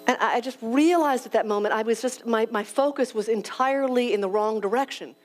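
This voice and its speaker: A woman with a fairly high voice giving a motivational talk to young professionals. She tells a personal story frankly and with humor at her own expense. She often acts out what she said and thought at the time. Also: a little fast, hardly any pauses. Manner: frank and self-deprecating. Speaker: speaker at a leadership conference.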